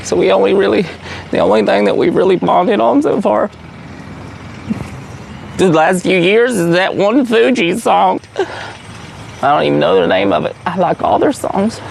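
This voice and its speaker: A man's voice: sits high, animated, moderate pace, pauses often, a little hiss or hum, full character voice, rough recording. An actor playing an awkward, earnest adult man who stammers through a mock interview as someone's twin brother. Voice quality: creaky. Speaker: interview guest.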